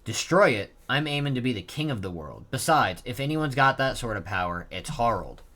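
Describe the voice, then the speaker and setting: A man reading out a boastful, ambitious male pirate captain from a comic, in a brash, loud manner. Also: medium pitch, big pitch swings, brisk.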